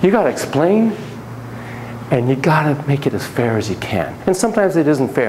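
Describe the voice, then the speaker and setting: Lively, theatrical male lecturer. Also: on the high side, normal speed, slight background noise, low-quality recording. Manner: theatrical, acts out quotes and monkey shrieks, jokey asides. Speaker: psychotherapist lecturing a class. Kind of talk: animated classroom lecture.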